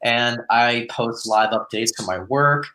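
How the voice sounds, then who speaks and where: Relaxed American male guest, bright edgy tone, easygoing and rambling. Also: medium pitch, measured pace, a little hiss or hum, rough recording. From United States. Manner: relaxed, rambling explanations with fillers. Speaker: guest modeller. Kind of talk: casual live-stream chat.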